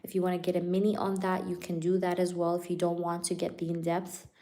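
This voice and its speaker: A woman's voice: on the low side, completely flat delivery, quick pace, warm tone. A woman hosting a live tarot stream, chatting casually with viewers. She is playful, laughs often and fills her talk with "like" and "you know".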